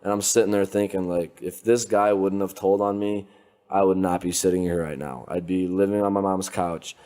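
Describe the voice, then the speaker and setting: Podcast guest: young man, low voice, casual, rambling delivery full of fillers. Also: moderate pace. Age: young adult. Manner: loose, animated, full of filler words and laughter. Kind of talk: casual storytelling. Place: his apartment.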